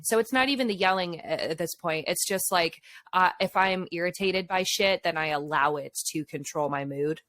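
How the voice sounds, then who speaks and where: A woman's voice: on the low side, moderate pace, few pauses, a bit bright, no room sound. A woman guest on a podcast, a mother of young children, talking frankly in casual chat, swearing freely and laughing often.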